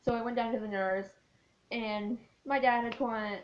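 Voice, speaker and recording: A woman's voice: fairly high pitch, steady tone, a little slow, slight background noise. A teenage girl telling a story in a casual vlog, rambling with lots of filler words. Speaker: vlogger. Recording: dull lo-fi sound.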